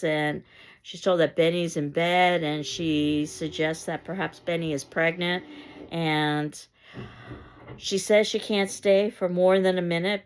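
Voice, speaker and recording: A woman's voice: lowish voice, slight background noise. A woman teacher giving a conversational literature lecture, retelling scenes with a wry, casual delivery.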